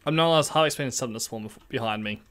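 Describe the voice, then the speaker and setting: A man hosting a casual game playthrough, laughing and swearing loudly when scared. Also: medium pitch, very fast. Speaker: gaming channel host. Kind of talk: casual let's-play chat.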